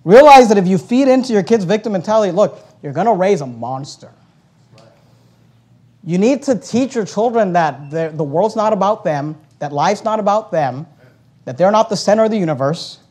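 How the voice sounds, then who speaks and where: A middle-aged male pastor delivers a sermon in a notably high voice. He tells his story with animated energy, rising loud and then dropping to a hush. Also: normal speed. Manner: animated storytelling, acting out quoted voices, swings between loud and hushed.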